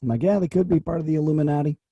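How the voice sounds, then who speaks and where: A man's voice: on the high side, very fast, muffled recording, a crowd in the background. A young man on a podcast, chatting in a laid-back, blunt way and swearing freely. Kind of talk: casual podcast chat.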